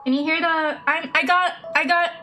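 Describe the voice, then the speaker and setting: Young woman game streamer, high and bright, chatty and self-mocking, talking to chat and to herself. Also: fairly even intonation, normal speed. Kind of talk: casual live-stream chat while gaming. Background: soft lo-fi background music.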